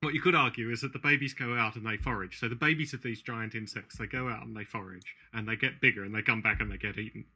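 Male co-host, sharp husky tone, wry understated delivery. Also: lowish voice, steady tone, fast talker, hardly any pauses. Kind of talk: casual chat.

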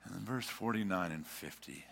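Male pastor preaching, bright edgy voice, goes loud then hushed, big echoey hall. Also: sits low, normal speed, gravelly. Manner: swings from loud urging to hushed whispers; stumbles and repeats words as he builds. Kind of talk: sermon.

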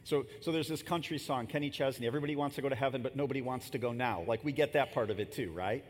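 A pastor in his fifties giving a sermon in a conversational, storytelling way, with casual asides to the congregation. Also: fast talker. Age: 50s. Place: church sanctuary. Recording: long reverb and faint rumble in a large hall.

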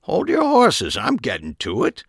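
Male narrator voicing a grumpy older widower, deadpan, gravelly, dry close sound. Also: medium pitch, unhurried, no echo, pitched above the performer's own voice, heavily acted. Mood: reminiscing. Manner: flat, deadpan. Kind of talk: audiobook character voice.

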